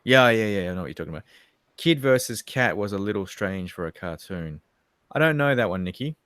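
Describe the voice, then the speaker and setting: A man in his thirties with an Australian accent, co-hosting a casual livestream chat and telling animated, profane, rambling stories. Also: lowish voice, brisk, clean tone, dry recording, clean studio sound. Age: 30s. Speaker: livestream co-host.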